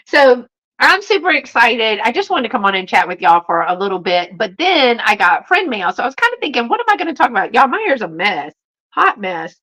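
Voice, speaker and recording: A woman's voice: a little high, very animated, a little fast, sharp tone. A woman with a Southern US accent chatting casually on a live stream from home, greeting viewers by name with many fillers. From Southern United States. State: a little flushed from a walk. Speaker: YouTube live stream host.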